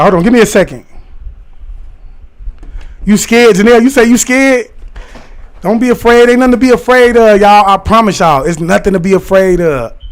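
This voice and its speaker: A man chatting casually on a livestream, rambling excitedly and talking directly to his viewers and their comments. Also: high voice. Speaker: live streamer talking to chat.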